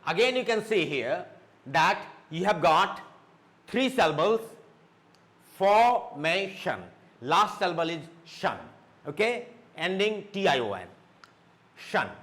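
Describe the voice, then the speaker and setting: A man teaching a spoken lesson, slowly repeating words and checking with "okay". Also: high voice, big pitch swings, a bit bright. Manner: slow, repeats words and says okay often; mixes Hindi explanations into English. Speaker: English teacher.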